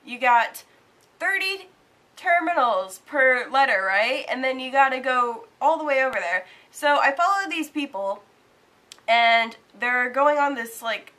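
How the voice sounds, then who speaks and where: A young woman vlogging, casually telling a story, animated and swearing casually. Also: high-pitched, measured pace. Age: young adult.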